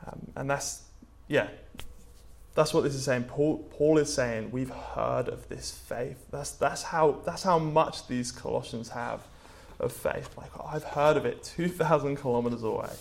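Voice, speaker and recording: A man's voice: medium pitch, unhurried, creaky. A young man from England giving a casual sermon, chatty and full of fillers as he tells stories. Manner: chatty, many "like" and "um" fillers, storytelling. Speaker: preacher.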